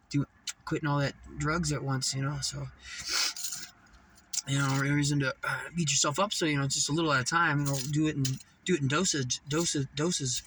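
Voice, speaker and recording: A man imitating a male drug dealer who softly coaxes and tempts, reassuring in a smooth voice. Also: fairly high pitch, slight background noise.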